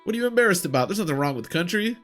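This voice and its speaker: A man's voice: sits high, animated, extremely slow, sharp tone, faint music behind, pitched above the performer's own voice, full character voice. A man voicing a friendly, folksy older soldier who talks in a cheery, encouraging way. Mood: cheerful.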